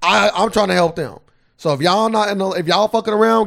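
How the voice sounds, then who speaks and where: A man co-hosting a casual podcast, ranting and swearing freely, his voice jumping up high and loud when he gets heated. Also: a little fast, gravelly. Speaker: podcast co-host.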